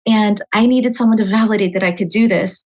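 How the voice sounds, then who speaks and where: A woman's voice: medium pitch, brisk, low-quality recording. Middle-aged woman, interview guest; talkative storyteller, mid-range voice. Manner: animated, chatty storytelling with frequent "right?". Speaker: psychic medium guest.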